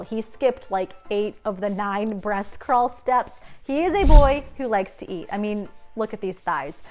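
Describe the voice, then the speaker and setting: A young woman, telling her own story to camera in a chatty, animated way and acting out the quoted lines. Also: mid-range voice.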